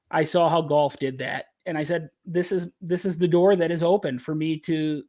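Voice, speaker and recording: A man talking as an interview guest, a caddie reflecting earnestly and often restarting his sentences. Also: fairly high pitch. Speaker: caddie and author, podcast guest. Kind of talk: casual interview talk.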